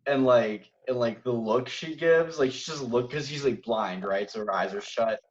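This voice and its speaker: A man's voice: mid-range voice, moderate pace. Guy hyped about a movie, lots of likes, kinda muffled lo-fi audio. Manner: enthusiastic, rambling with many likes. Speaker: podcast co-host. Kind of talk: casual chat.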